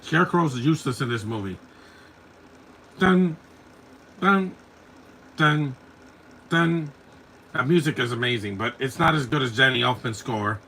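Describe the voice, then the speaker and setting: A man's voice: medium pitch, fast, hardly any pauses, pushed and bright, slight background noise. Blunt, opinionated man in his forties. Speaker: podcast host. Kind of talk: live movie commentary.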